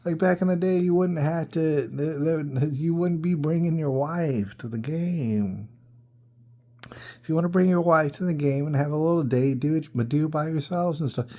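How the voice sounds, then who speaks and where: Podcast host, male, fairly high but warm and dark-toned; casual storyteller, disbelieving, keeps repeating himself. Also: normal speed. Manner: incredulous, full of rhetorical questions and repeats.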